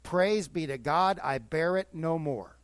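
A man's voice: on the high side, expressive, a little slow, clear, resonant tone, no echo. An older man, a pastor preaching a sermon in church, moving from conversational teaching to fervent exhortation.

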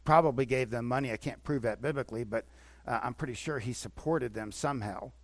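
A man preaching a sermon, moving between emphatic bursts and quieter asides. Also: medium pitch, a little fast, no room sound. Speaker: pastor.

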